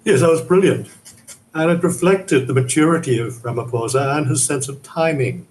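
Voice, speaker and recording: A male academic guest analysing events in a news interview, speaking in a measured, emphatic, explanatory way. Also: on the high side, a little mellow, slight background noise, low-quality recording.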